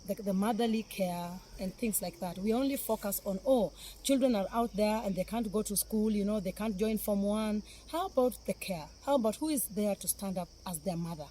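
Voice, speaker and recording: A woman's voice: mid-range voice, mellow, a little hiss or hum. A middle-aged woman with a Kenyan accent gives a heartfelt, emotional appeal, repeating phrases for emphasis. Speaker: philanthropist speaking on camera.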